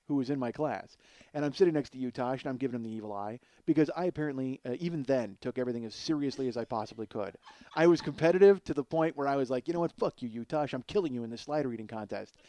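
A man hosting a podcast, telling a long comic story in a casual, animated and profane way, mocking himself. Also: mid-range voice, no room sound. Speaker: podcast host.

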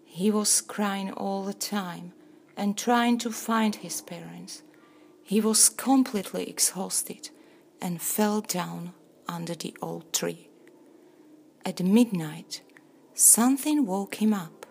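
A woman reading a fairy tale aloud in a slow, expressive storytelling manner. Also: mid-range voice, vocal fry, a little hiss or hum. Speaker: narrator.

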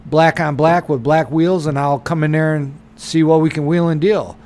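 A man's voice: on the high side, moderate pace. A man co-hosting a podcast, telling a story in casual chat, swearing constantly and acting out what people said. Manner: animated, swears constantly, acts out quotes. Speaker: podcast co-host.

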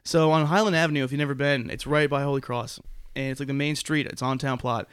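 A man who used to do stand-up comedy, guesting on a podcast and telling stories with deadpan jokes. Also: medium pitch, smooth, no echo, clean studio sound. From Connecticut, United States. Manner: fast storytelling with deadpan jokes. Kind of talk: casual podcast chat.

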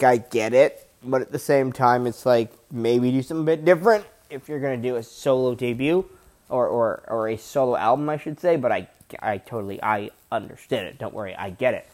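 A man's voice: mid-range voice, darkish tone. A young man reviewing a metal album in a casual vlog, rambling and repeating himself with loose slang. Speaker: music reviewer.

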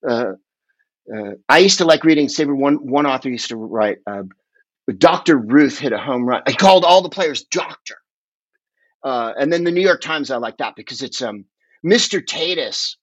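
A podcast guest in casual chat, he rambles from one story to the next with animated, profane energy. His voice sits at an ordinary middle pitch. The recording is dry and a little dull and lo-fi. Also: normal speed, no echo.

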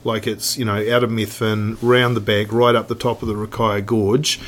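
A man's voice: fairly low pitch, little pitch movement, moderate pace, slight background noise. A middle-aged man with a New Zealand accent, a guest telling stories in a casual podcast chat, rambling with lots of restarts and fillers. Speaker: guest, snowboard industry veteran.

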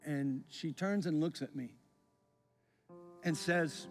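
A man preaching with rising passion, then sinking to hushed, intimate moments. His voice sits a little high for a man. It rings with the long reverb of a large church hall, with soft instrumental music underneath. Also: slow pace, gravelly, long pauses. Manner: impassioned, swelling then dropping to a hush. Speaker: pastor. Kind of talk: sermon. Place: church sanctuary.

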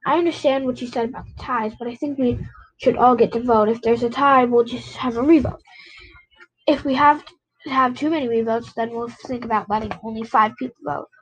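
A woman's voice: fairly high pitch, steady tone, close to an everyday voice, low-quality recording. A woman voicing a timid, apologetic teenage girl who speaks hesitantly, reading a novel aloud. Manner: hesitant, halting.

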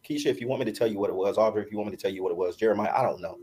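A man's voice: lowish voice, racing, darkish tone, slight background noise. A middle-aged man, a podcast guest, telling a long personal story in casual chat, laughing often and acting out what people said.

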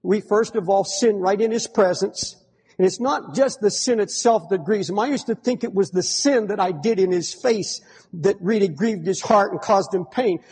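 Husky high-voiced preacher in a reverberant hall. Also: male voice, normal speed. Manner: fervent, swinging between pleading cries and hushed, grave tones. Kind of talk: impassioned sermon.

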